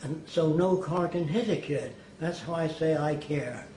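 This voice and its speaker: A man's voice: on the high side, unhurried, mellow. An older man being interviewed, telling anecdotes emphatically and acting out the people he quotes. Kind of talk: anecdotal storytelling. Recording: roomy echo, faint noise.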